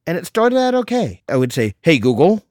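A middle-aged man hosting a solo podcast, telling a story in a wry, deadpan way with mock exasperation. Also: sits high, brisk, no room sound, clean studio sound. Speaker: podcast host.

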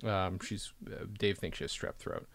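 A man's voice: sits low, expressive, moderate pace, gravelly, crowd noise. A man co-hosting a podcast, joking and swearing freely in casual chat about a TV show. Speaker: podcast co-host.

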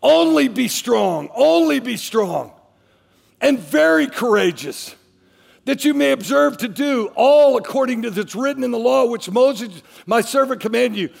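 A man's voice: very high voice, lively intonation, a little slow, vocal fry, long reverb tail. A man preaching a sermon as a pastor, emphatic, repeating his phrases as he drives each point home.

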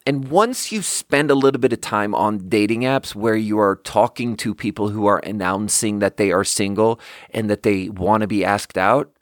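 A man's voice: fairly low pitch, no room sound, studio quality. A young man hosting a podcast, telling stories in a rambling, profane, casual monologue with bursts of laughter. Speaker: podcast host.

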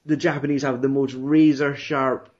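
A man's voice: mid-range voice, little pitch movement, moderate pace, a little mellow. A young man rambling, swearing and laughing as he retells a film in casual chat. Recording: dull lo-fi recording.

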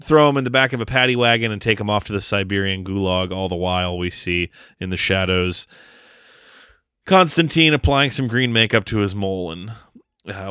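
A man's voice: fairly low pitch, fairly bright tone, smooth, dry recording. Man, casual podcast co-host, joking plot recap, dry close sound. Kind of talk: casual movie podcast chat.

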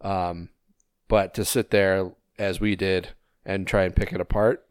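Laid-back, low-voiced man chatting. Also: flat delivery, a little slow, clear, resonant tone, no room sound, clean studio sound. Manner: laid-back, swears often, many fillers. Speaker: podcast co-host. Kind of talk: casual chat.

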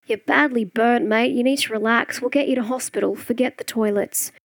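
A gentle, soothing paramedic voiced by a woman, quiet and dry-sounding, storybook. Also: a little high, steady tone, a little fast, no echo, close to an everyday voice. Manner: soft, soothing. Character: calm, gentle male paramedic.

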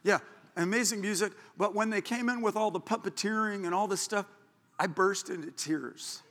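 A man preaching a sermon as pastor, telling a story in an animated, excitable way. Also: high-pitched, moderate pace. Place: church. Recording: echoey church hall.

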